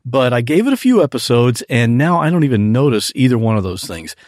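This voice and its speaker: A man leaving a voice message for a podcast host, with a lively voice that rises and falls a lot. He tells his story at mid pitch, recorded dry and close. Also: brisk, dry recording. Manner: animated storytelling. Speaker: podcast guest caller.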